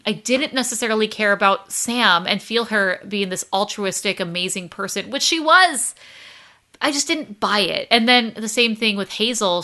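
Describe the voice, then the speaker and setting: A woman with a medium-pitched, sharp-toned voice co-hosts a podcast, chatting in a casual, animated way and laughing often.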